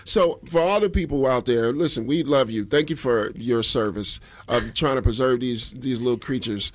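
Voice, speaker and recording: A man's voice: medium pitch, normal speed, no room sound. A man from Detroit hosting a morning radio show, chatting casually and playfully imitating sounds. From Detroit, USA. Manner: animated, jokey, imitates sounds. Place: radio studio. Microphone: studio microphone.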